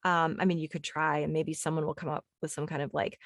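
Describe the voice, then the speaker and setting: A woman's voice: deep voice, level tone, quick pace, no echo, clean studio sound. A woman hosting a spiritual podcast, talking casually and enthusiastically with lots of fillers and restarts. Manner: enthusiastic, rambling, full of "like" and "um". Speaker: podcast host.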